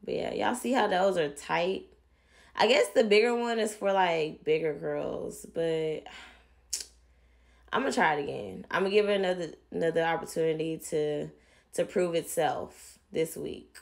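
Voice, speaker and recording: A woman's voice: on the low side, unhurried, vocal fry, a little mellow. A young woman chatting casually to viewers while doing a hair tutorial, with playful asides and a mock rant. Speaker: hair vlogger.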